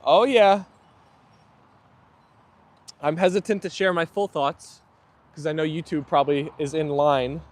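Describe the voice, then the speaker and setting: An easygoing young man hosts a live stream outside, laughing often as he chats and reads viewer comments aloud while his dogs play. His voice is a little high and he speaks at a moderate pace.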